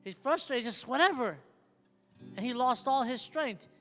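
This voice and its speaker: A male pastor with a very high voice preaches a sermon at a moderate pace, speaking emphatically and repeatedly asking the congregation whether they hear him. The recording carries a long hall reverb, with soft guitar playing behind him.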